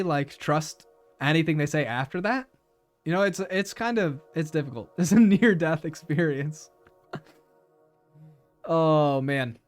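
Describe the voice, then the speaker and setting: A man streaming live, chatting casually with his viewers, laughing often and repeating words as he talks. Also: fairly high pitch.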